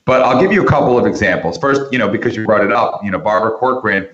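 A man who is a podcast guest, telling a long story with lots of restarts and animated turns. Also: fairly low pitch, rapid-fire, reverberant, muffled recording. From New York area. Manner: animated anecdote-teller with frequent restarts. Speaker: interview guest.

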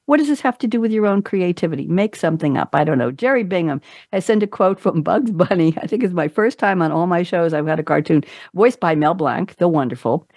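A woman's voice: lowish voice, a little fast, dry recording, clean studio sound. Chatty woman hosting a talk show. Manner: chatty, animated, playful asides. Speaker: podcast host. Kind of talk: casual interview talk show.

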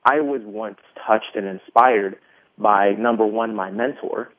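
A man's voice: lowish voice, a little slow, dry recording. A man in his thirties, a podcast guest, telling his story in a rambling casual way with many fillers. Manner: rambling, lots of fillers, animated retelling. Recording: tinny phone line.

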